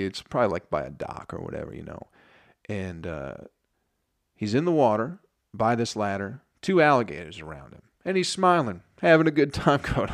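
A comedian riffing casually, swearing often and laughing through rambling stories. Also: male voice, medium pitch, no room sound, clean studio sound. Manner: profane, laughing, rambling storytelling.

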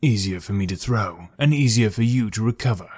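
A bitter, defiant middle-aged ex-convict, read by a man. He speaks with raw passion in a low, steady voice, as in a storybook reading. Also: a little fast, husky.

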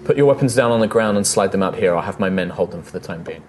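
A man's voice: low voice, expressive, quick pace, a little mellow, slight background noise. A man doing a stern female guard captain. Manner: curt, commanding.

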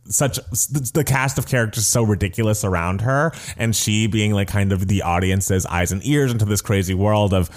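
A man co-hosting a casual podcast, chatty and animated, laughing often as he talks about movies and music. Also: lowish voice, normal speed, hardly any pauses. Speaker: podcast co-host.

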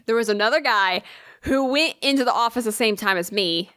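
A woman's voice: fairly high pitch, brisk, clean tone, no echo, clean studio sound. A woman telling a long story in casual chat, swearing freely and acting out what people said. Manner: animated storytelling, frequent swearing, acts out quoted dialogue.

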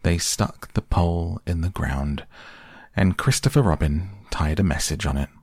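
A man narrating a children's classic as a soft, slow, soothing bedtime storybook reading. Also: sits low, dry recording, studio quality. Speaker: audiobook narrator.

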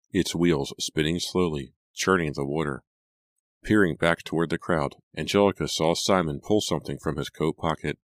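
A man narrating a horror audiobook in a measured, scripted delivery. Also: extremely low pitch, no echo.

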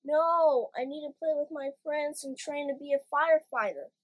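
A woman's voice: mid-range voice, animated, takes it slowly, a little mellow, breathy edge, low-quality recording. A woman voicing a whiny, pouting little boy with a broken leg in a storybook. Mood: pleading.

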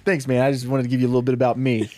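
A young man casually pitching a comedic story, rambling and acting out the characters' lines. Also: flat delivery, racing, warm tone, dry recording.

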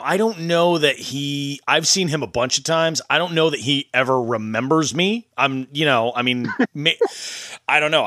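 A man's voice: mid-range voice, sharp tone, no room sound, studio quality. A man hosting a casual podcast, telling a rambling fishing story with chuckles. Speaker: podcast host. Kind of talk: casual chat.

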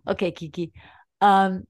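A young woman co-hosting a podcast in casual chat, fillng her talk with "like" as she explains and defends her view. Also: mid-range voice. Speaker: podcast co-host.

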